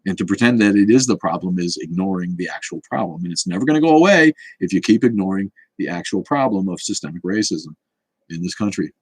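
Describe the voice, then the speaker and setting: A man's voice: deep voice, fast talker, slightly rough, no room sound. A man hosting a casual livestream chat, answering comments in a rambling, blunt and profane way. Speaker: show host.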